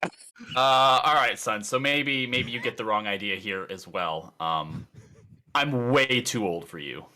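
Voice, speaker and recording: Bright-voiced man making teasing quips. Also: medium pitch, takes it slowly. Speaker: player. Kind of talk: in-character tabletop role-play.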